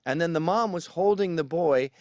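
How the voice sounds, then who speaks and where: A man's voice: on the high side, normal speed, dry recording, clean studio sound. A man giving a sarcastic, ranting comedic commentary, mocking as he goes. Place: New York.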